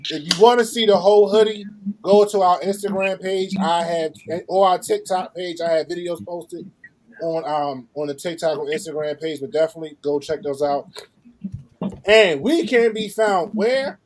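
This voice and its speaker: Lively Baltimore-accented podcast host. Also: male voice, high voice, normal speed, slight background noise. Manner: animated, laughing, joking. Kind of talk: casual banter podcast.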